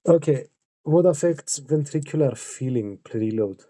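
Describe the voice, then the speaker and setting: A podcast host asking questions in a halting way, restarting and repeating words. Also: male voice, a little high, expressive, warm tone, dry recording. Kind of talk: casual chat.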